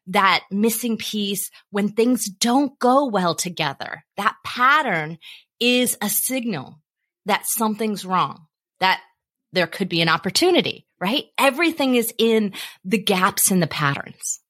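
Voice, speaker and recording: A woman answering interview questions, telling lively stories and acting out the dialogue she quotes. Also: mid-range voice, unhurried. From South Africa. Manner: animated storyteller, acts out quoted dialogue. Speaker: podcast guest.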